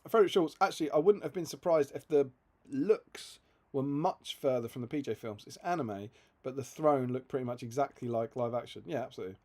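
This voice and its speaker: A man's voice: mid-range voice, fairly quick, dark tone. A man co-hosting a live stream in casual chat, reading out viewer comments and laughing often. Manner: chatty and amused, laughs often. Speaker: livestream co-host.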